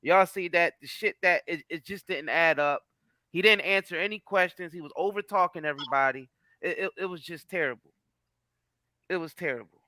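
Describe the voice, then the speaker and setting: A man's voice: fairly high pitch, fairly quick, sharp tone, no echo. A man hosting a casual online show over a video call, laid-back and slangy, often repeating his phrases. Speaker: host.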